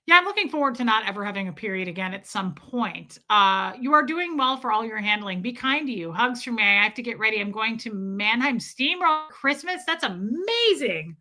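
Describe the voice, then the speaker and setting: Speaking briskly with hardly any pauses, a young woman with a slightly high voice tells a story on her livestream. She lively acts out people's lines and keeps breaking into laughs.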